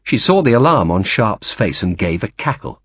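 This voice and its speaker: A man narrating an audiobook in a lively storytelling manner, giving each character a voice. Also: on the low side, normal speed, dry recording. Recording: dull dry audiobook recording.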